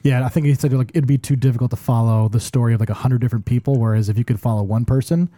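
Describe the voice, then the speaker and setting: A man with a very dark, warm tone talks quickly and rambles through his points with lots of "like" fillers. It is casual podcast chat on a close, dry mic. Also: mid-range voice, fairly even intonation, dry recording. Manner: rapid, rambling, many "like" fillers.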